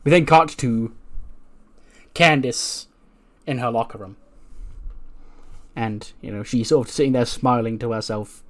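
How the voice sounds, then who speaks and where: A man's voice: mid-range voice, measured pace, pauses often. A man giving casual, amused commentary as he retells a game storyline, voicing the characters along the way. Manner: chatty, amused, narrates with voiced quotes. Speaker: let's play creator.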